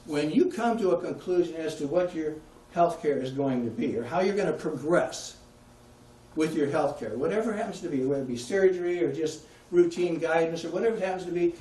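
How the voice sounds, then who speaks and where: A man's voice: on the high side, a little mellow, distant mic. A man giving a conversational public talk, putting questions to his audience. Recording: echoey room, heard from afar.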